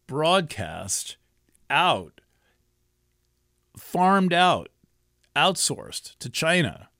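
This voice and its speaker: A man's voice: a little high, a bit bright, no echo. Man rambling emphatically about astrology, dry sound. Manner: rambling, emphatic, swears freely. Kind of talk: casual astrology talk.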